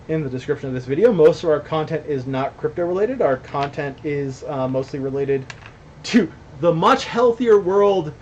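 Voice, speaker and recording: Young man, blunt rambling streamer talk, slightly dull audio, faint hiss. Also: on the high side. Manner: blunt, rambling, swearing, laughing asides. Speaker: company founder hosting a stream. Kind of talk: casual streamed commentary with chat reading.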